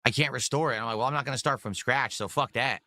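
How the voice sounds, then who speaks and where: Male streamer, bright forceful tone, blunt and profane, dry close sound. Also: medium pitch, quick pace, no room sound. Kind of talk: casual stream chat.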